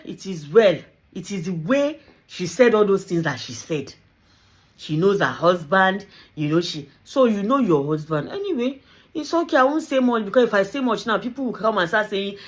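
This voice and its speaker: A woman with a Nigerian accent giving animated, teasing commentary as a vlogger, dropping in Yoruba phrases and laughing often. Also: mid-range voice, normal speed. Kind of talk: casual commentary to camera.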